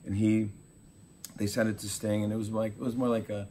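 A man in his forties, a talk show host being interviewed, telling animated stories and acting out quotes. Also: on the low side, brisk. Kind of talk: casual interview chat.

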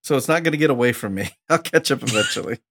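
A man's voice: medium pitch, lively intonation, quick pace, a bit bright, slight background noise. A man co-hosting a casual movie podcast, chatting in an easygoing way. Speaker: podcast co-host.

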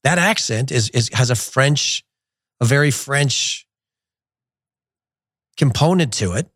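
A middle-aged man hosting a soccer show in a studio, talking in an animated, digressive and blunt way. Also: medium pitch, takes it slowly, no echo. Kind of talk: casual opinionated talk. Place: glass-walled studio in a resort. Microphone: studio mic.

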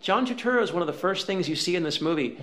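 A man's voice: sits high, expressive, a bit bright. A man hosting a movie podcast, talking through a film review in casual chat. He is wry and chatty. He often stops mid-thought on "uh" before pressing on. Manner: wry, chatty, prone to filler pauses. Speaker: podcast host, film critic. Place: empty office room.

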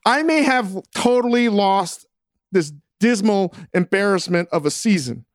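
A man hosting a podcast in casual chat, animated and self-mocking, swearing freely. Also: high voice, measured pace, no echo, studio quality. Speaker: podcast host.

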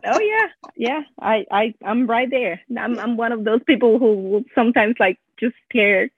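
Husky-voiced woman with a Spanish accent. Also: on the high side, no room sound. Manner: fast, animated, lots of "like" and quoting herself. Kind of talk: casual conversation. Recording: thin phone-like call audio, dry and husky.

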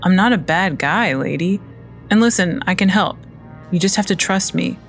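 A woman's voice: on the low side, animated, normal speed, soft background music. A woman voicing a cocky young hippie man who talks in casual slang and turns defensive. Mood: placating.

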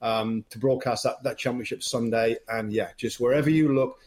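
An English man speaking with an average-pitched male voice. He's a football broadcaster and a guest here, explaining things in a lively, upbeat way. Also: normal speed. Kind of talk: casual interview chat.

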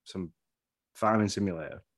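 A man's voice: deep voice, normal speed. A man joking around with a co-host in a casual gaming podcast, laughing often.

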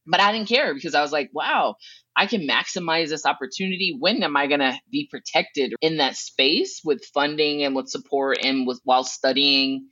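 A woman from Southern California, a guest in an interview, telling stories in a casual way. She acts out her own past thoughts with big jumps in pitch, swears lightly and laughs between thoughts. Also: normal speed, few pauses, bright, forceful tone, no room sound. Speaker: guest, educational consultant. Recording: dull, dry sound.

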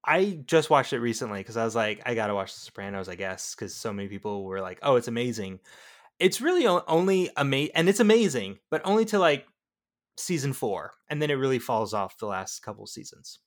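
A man co-hosts a movie podcast and chats casually, tossing out opinions and teasing the others. His voice sits at a middle pitch with nothing unusual in its tone. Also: very animated, a little fast. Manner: playful, teasing. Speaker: podcast co-host. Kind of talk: casual chat.

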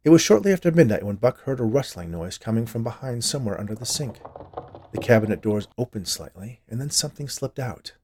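A man hosting his own podcast and narrating a short story, expressive and voicing characters. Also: medium pitch, a little fast, noisy background.

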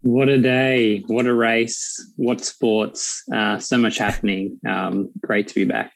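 A man talking as a guest on a sports podcast, relaxed and a bit hesitant. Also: fairly low pitch, slow, vocal fry, no room sound. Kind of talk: casual sports podcast chat.

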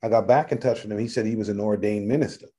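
A middle-aged man, a rapper guesting on an interview, telling animated stories, acting out voices and swearing freely. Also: lowish voice, rapid-fire, husky. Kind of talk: casual storytelling interview.

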